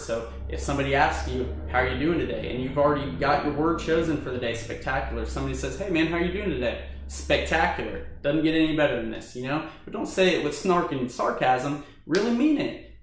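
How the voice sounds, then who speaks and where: A man's voice: mid-range voice, slight background noise. A man giving earnest, encouraging advice straight to his viewers in a casual vlog. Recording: very echoey room.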